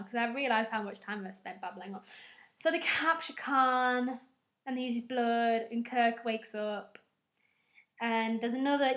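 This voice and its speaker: Bright, rambling woman reviewing films. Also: high-pitched. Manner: rambling and excitable, full of "like" asides. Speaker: film reviewer. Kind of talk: casual spoken film review. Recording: echoey room.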